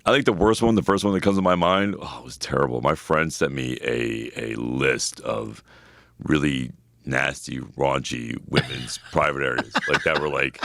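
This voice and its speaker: A man with an extremely low, deep voice chats on a podcast, lively and loose, swearing often and packing his talk with fillers. The sound is dry and close, with no room around it. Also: normal speed, vocal fry, no room sound. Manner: animated, swears freely, many "you know" fillers. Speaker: co-host. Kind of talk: casual podcast chat.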